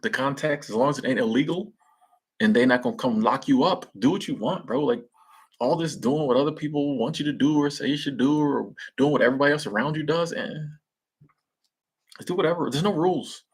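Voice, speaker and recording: A fast-talking young man with a husky, mid-range voice hosts a live stream, chatting casually and reading viewer comments. His speech is slangy, and he laughs at his own jokes.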